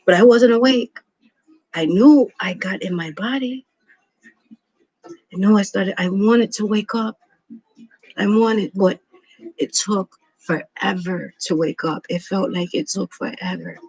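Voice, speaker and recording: Slow gravelly man telling a story. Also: high voice, a little mellow, no room sound, poor audio. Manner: rambling, profane, repeats himself. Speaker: vlogger. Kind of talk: casual storytelling monologue.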